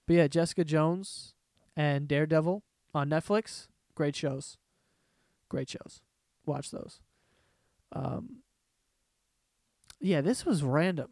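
Male podcast host, solo chat, profane rambling rants, higher voice, dry close sound. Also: dry recording. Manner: profane, rambling, animated ranting. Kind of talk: casual solo podcast monologue. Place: room at home.

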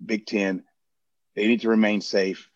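A man's voice: fairly low pitch, little pitch movement, measured pace, no room sound, highs cut off. A man, a guest on a casual sports podcast, rambling earnestly and restarting his sentences.

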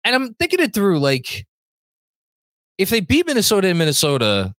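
A man's voice: high-pitched, wildly swooping pitch, normal speed, a bit bright, dry recording. A man co-hosting a sports podcast, chatting casually and joking between fillers and restarts. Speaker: podcast co-host.

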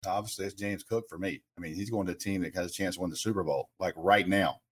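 A man with a very low voice co-hosts a casual sports talk show. He speaks emphatically and conversationally, with frequent fillers, and mixes his analysis with personal stories. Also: steady tone, fast, slight background noise.

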